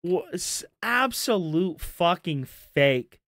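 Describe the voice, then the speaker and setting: A woman's voice: lowish voice, lively intonation, slow pace, a bit bright, no echo, studio quality. A woman doing casual reaction commentary over a stream clip, mocking and profane, repeating her jabs.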